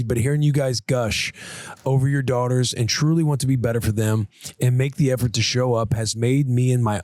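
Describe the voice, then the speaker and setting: A man with a mid-range voice reads a listener's email aloud in a relaxed, earnest tone. The close studio mic keeps the sound dry and close. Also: mid-range voice, dry recording. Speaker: podcast co-host. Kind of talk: casual chat and reading a listener email. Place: podcast studio.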